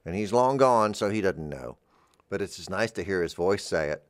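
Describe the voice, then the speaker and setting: A radio host with a fairly low voice talks into a studio microphone. He rambles gently from thought to thought in an easygoing freeform monologue. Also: expressive, moderate pace, no echo.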